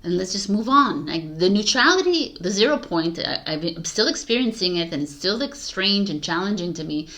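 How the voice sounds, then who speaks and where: A woman's voice: mid-range voice, lively intonation, brisk, hardly any pauses, fairly bright tone. A woman talking as a tarot reader in a casual spiritual monologue, rambling with many fillers and frequent laughter.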